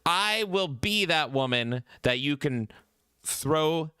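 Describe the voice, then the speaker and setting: A man's voice: on the high side, lively intonation, slow pace, sharp tone, clean tone, no echo, studio quality. A man co-hosting a podcast in goofy, theatrical casual chat, breaking into shrieks. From Canada. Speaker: podcast co-host.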